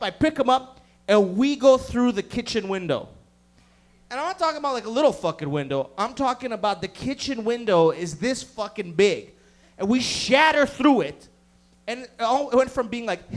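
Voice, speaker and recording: A man in his thirties doing rowdy, profane stand-up storytelling on a comedy club stage. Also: very high-pitched. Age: 30s.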